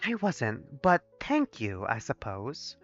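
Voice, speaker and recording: A man voicing a prim, proper young female dinosaur student, with a quiet, haughty manner and an attempted accent with rolled R's and dropped H's. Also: mid-range voice, wildly swooping pitch, takes it slowly, no room sound, muffled recording, soft background music, pitched below the performer's own voice, exaggerated voice. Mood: reserved. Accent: attempted rolled R's and silent H's.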